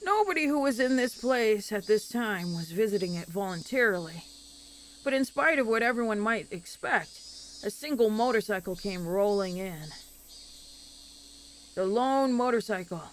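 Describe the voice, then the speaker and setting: A woman streamer reading a visual novel aloud with expressive, dramatic narration. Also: mid-range voice, a little hiss or hum. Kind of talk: dramatic narration of game text.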